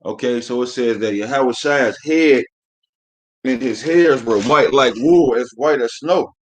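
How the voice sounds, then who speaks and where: A man's mid-range voice comes through a little slowly, with a slight hiss or hum. He's running a scripture class on a live stream, reading verses aloud and following them with blunt, coarse commentary, swearing freely, preaching, and saying "man" constantly.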